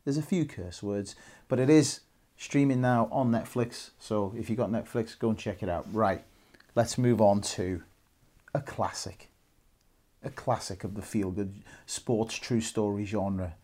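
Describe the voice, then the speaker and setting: A man's voice: lowish voice, a little slow, warm tone. A Welsh man in his thirties co-hosting a casual film podcast, chatty and rambling, laughing often. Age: 30s. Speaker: podcast co-host.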